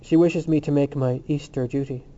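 A man's voice: fairly high pitch, fairly even intonation, normal speed, dark tone, dull audio, close to an everyday voice. A man voicing a brooding, defiant young student who answers tersely and bitterly.

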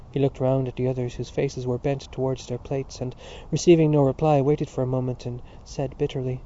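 Man narrating with a dark, mellow voice. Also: mid-range voice, level tone, fairly quick, few pauses, dull audio. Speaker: audiobook narrator. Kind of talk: literary audiobook narration.

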